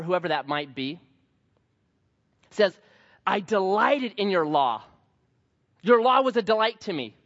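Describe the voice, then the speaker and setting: A man in his thirties preaches with a fairly high, lively voice that swings from loud, drawn-out exclamations down to near-murmurs. He acts out the voices of the people in his stories. The sound is a bit muffled and rings with a long hall reverb. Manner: animated storytelling, acts out voices. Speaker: pastor. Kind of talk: sermon.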